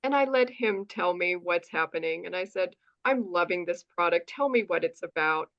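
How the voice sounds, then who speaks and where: On a muffled recording, a U.S. woman with a lowish voice speaks at a normal pace as an interview guest. She tells her story with animation, acting out what people said and peppering it with "right?"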